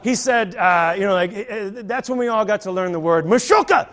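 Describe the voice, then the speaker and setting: A male stand-up comedian telling a story on a theater stage, animated and acting out the people in it. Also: high-pitched, normal speed. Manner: animated, acts out characters.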